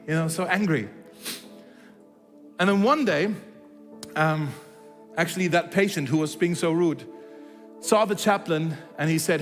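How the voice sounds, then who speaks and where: A man's voice: a little high, animated, moderate pace, long pauses, fairly bright tone, in a large hall, soft background music. A man preaching a sermon, telling a story and acting out its dialogue, with frequent restarts. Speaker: pastor. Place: church hall.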